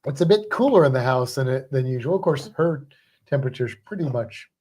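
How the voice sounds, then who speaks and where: A woman with an exceptionally low, deep voice co-hosts a relaxed home livestream. She chats in a loose, teasing way and greets viewers one by one, speaking from a home podcast studio. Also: fairly quick, husky. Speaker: co-host of a livestream about pets. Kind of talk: casual livestream chat.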